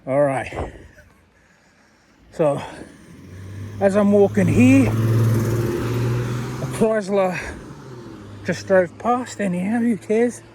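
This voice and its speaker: High-voiced man rambling on a night walk. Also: animated, very slow, pauses often, background noise. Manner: rambling, chatty, laughs often. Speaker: vlogger. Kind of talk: casual walking vlog. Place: outdoors on a street at night.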